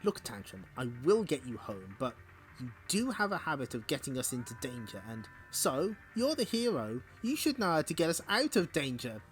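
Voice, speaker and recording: A man's voice: fairly high pitch, very animated, moderate pace, faint music behind. A man voicing an earnest, patient young male fox hero in a comic read-along.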